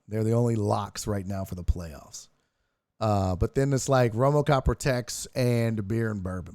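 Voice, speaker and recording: A man's voice: on the low side, slight background noise. A man hosting a casual sports stream, swearing freely and reading out thanks to viewers. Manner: profane, excitable, thanking donors. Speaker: streamer host.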